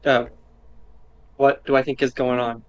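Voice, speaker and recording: A man's voice: medium pitch, level tone, unhurried, clean tone, dry recording, muffled recording. A man playing a tabletop game who thinks aloud and asks questions about what he sees, in a casual way. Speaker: player.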